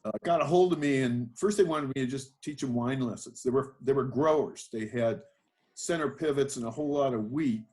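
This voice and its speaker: A man's voice: mid-range voice, brisk, darkish tone. An older man, a winemaker being interviewed, telling his life story in a rambling, self-deprecating way with many fillers and restarts. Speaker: guest, winemaker.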